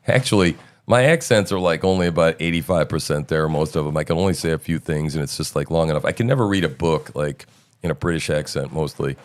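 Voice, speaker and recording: A middle-aged man with a very low, smooth and resonant voice, hosting a casual stream. He talks loosely and rambles, full of fillers and restarts. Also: fast. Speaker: show host. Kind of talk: casual live-stream chat.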